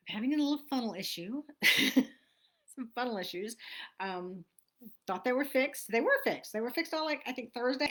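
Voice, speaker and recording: A woman's voice: medium pitch, a bit bright. Chatty woman coach. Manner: chatty, meandering, self-correcting, laughs often. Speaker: host, abundance coach. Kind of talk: casual motivational vlog.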